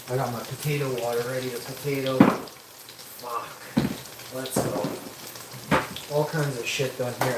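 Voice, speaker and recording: A man's voice: mid-range voice, distant mic, very noisy. Rambling, profane streamer man. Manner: rambling, crude, heavy swearing. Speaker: live streamer. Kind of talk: casual rambling stream chat. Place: home kitchen while cooking. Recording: echoey room with loud frying sizzle. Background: frying food sizzling.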